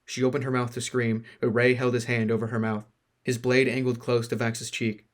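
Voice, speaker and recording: Man reading a fantasy novel out loud, steady and unhurried. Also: medium pitch. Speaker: narrator.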